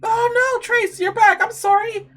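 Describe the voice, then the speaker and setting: Woman doing an excitable young tiger-woman. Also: very high voice, unhurried, voice pushed up. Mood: affectionate. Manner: excitable, bright.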